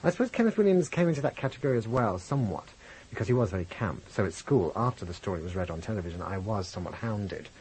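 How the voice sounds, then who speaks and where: A man with a posh English accent, reminiscing candidly as an interview guest, animated when telling stories. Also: on the low side, quick pace, slight background noise, poor audio. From England, grew up in Birmingham. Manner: reflective, animated storyteller, lifts voice for quotes. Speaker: guest, comedian and impressionist.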